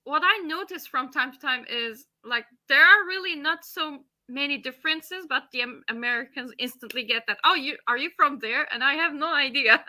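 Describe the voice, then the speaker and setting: A woman's voice: sits high, normal speed, sharp tone. A woman in casual chat, chatty and hesitant, laughing between thoughts.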